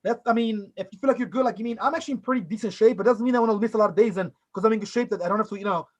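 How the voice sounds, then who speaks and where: A man's voice: high voice, very fast, muffled recording. A man co-hosting a casual podcast, talking emphatically and rambling, with a lot of "bro.".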